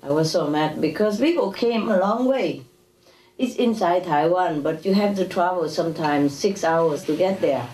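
A woman's voice: on the low side, normal speed, darkish tone. Woman spiritual teacher, chatty lecture with chuckles and "yeah?" tags; echoey room, faint background noise. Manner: conversational, chuckling, frequent "you know" and "yeah?". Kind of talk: informal spiritual lecture to an audience. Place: lecture hall with audience. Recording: echoey hall, distant mic, faint noise.

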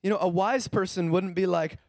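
High-voiced animated male pastor. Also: brisk, no room sound, studio quality. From California. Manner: animated, acts out quoted voices. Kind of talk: sermon.

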